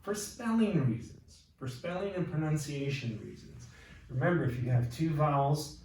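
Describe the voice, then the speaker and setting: A man's voice: medium pitch, a little mellow. Echoey, distant male Spanish teacher. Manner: patient, explains step by step and checks understanding. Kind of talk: classroom grammar lesson. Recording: echoey room from far off.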